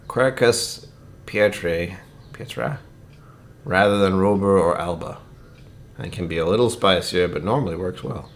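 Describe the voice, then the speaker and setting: This livestream is casual chat: a creaky-voiced man with fairly low pitch runs a whiskey tasting, rambling on to viewers and dropping into muttered, near-whispered asides.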